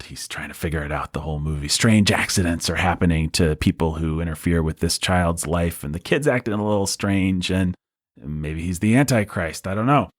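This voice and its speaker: A man with a somewhat low voice chats through film history in a breezy, conversational way. He comes across as a keen storyteller on a casual podcast. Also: no room sound, clean studio sound. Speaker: podcast host.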